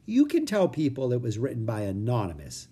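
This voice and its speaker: A man voicing a shy young woman poet in a children's storybook reading, soft and gentle. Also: medium pitch, wildly swooping pitch, brisk, breathy edge, exaggerated voice.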